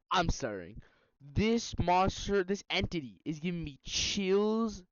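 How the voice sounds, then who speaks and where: A young man with a smooth, slightly high voice chats casually and laughs a lot as he reacts on screen, often stumbling and saying "bro." His desk mic sounds close and dry, with a dull lo-fi tone. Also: big pitch swings, slow, no room sound. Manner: laughs often, says bro, stutters on words. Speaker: reaction video host.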